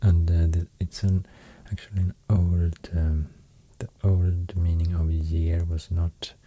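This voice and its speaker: Man, Swedish accent, soft-spoken ASMR, half-whispered, very dark mellow tone, slow and unhurried, hesitant fillers. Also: deep voice, level tone, slightly rough. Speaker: ASMR host explaining runes.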